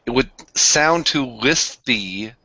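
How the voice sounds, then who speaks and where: Blunt, bright-voiced guy on a call. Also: medium pitch, expressive, slow, vocal fry, dry recording. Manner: blunt, swears, self-mocking. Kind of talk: casual group chat. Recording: dull lo-fi online call audio.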